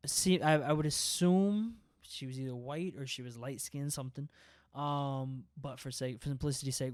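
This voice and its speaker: A young man hosting a podcast, telling a story in casual, profane chat, animated and often breaking into laughter. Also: medium pitch, smooth, no echo, clean studio sound. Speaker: podcast host.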